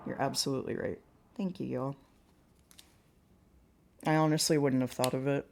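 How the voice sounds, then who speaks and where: A woman's voice: extremely low pitch, fairly even intonation, moderate pace, gravelly, darkish tone, slight background noise. A woman hosting a live painting stream, chatting casually and a little whiny, answering her viewers' comments in a rambling, self-deprecating way. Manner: slightly whiny, pleading tone. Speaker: livestream host painting with watercolors.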